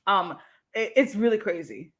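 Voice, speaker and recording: A woman's voice: mid-range voice, animated, moderate pace. A woman hosting a livestream, reacting to a clip in a casual, slangy way and laughing often. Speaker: livestream host.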